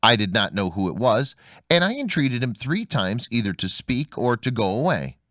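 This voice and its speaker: A man's voice: mid-range voice, sing-song, moderate pace, fairly bright tone, dry recording, studio quality. A man voicing a simple, fearless young man who speaks plainly, stubborn and earnest, in a storybook reading. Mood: pleading.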